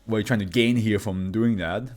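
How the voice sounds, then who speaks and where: A man's voice: on the low side, steady tone, normal speed, darkish tone. A man from Switzerland, a Swiss German native speaker, reads horror fiction files aloud and breaks off into rambling chat, laughing often. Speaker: channel host. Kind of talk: reading horror fiction files with chatty asides.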